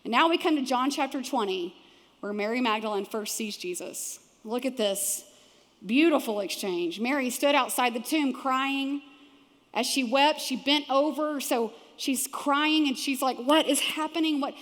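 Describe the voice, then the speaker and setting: A woman pastor with a Texan accent preaching a sermon, animated and acting out the voices of people in the story. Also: high-pitched, a little slow. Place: large church auditorium. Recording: long hall reverb from a church auditorium.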